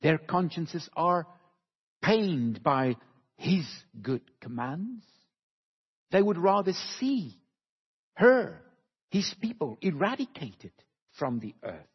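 Slow, emphatic preacher in a reverberant hall. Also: male voice, fairly high pitch, very animated, breathy edge. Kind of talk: sermon. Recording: dull, lo-fi recording with long hall reverb.

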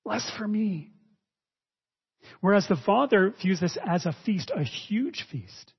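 A male preacher teaching a sermon, expressive, swinging between raised emphasis and quiet asides. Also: high-pitched, slow pace, gravelly, breathy edge. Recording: dull lo-fi audio with long reverb.

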